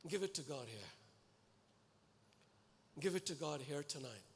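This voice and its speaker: A man preaching a sermon to a congregation, earnest and animated, pleading and exhorting his listeners. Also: fairly high pitch, a little slow. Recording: echoey hall with long reverb.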